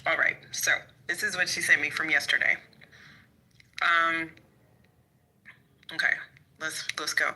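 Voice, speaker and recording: A blunt, sassy woman hosts a casual podcast and talks straight to her listeners. Her voice sits a little low but sounds very bright and sharp. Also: level tone, a little slow, pauses often, rough recording.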